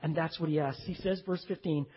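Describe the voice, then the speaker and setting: A male pastor preaching a sermon, emphatic, dropping to hushed low phrases and speaking straight to his congregation. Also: steady tone, brisk, husky. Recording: dull recording with long hall reverb.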